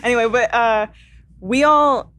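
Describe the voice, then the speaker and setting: A woman's voice: on the high side, measured pace, pushed and bright, slight background noise. A woman co-hosting a casual podcast, eager and laughing often as she talks to her guest. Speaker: podcast co-host.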